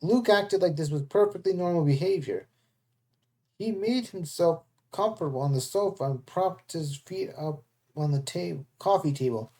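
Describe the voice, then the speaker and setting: Reader doing a first-person storybook out loud, plain mid voice, trips on a word now and then. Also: mid-range voice, normal speed. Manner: plain reading with small stumbles. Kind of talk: first-person storybook narration read aloud.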